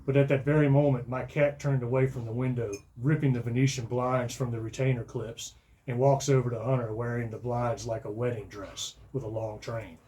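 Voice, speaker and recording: A man's voice: medium pitch, little pitch movement, brisk. A middle-aged man reading his own comic first-person story in a dry, matter-of-fact way. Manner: dry storytelling, bursts into loud shouting for quoted lines.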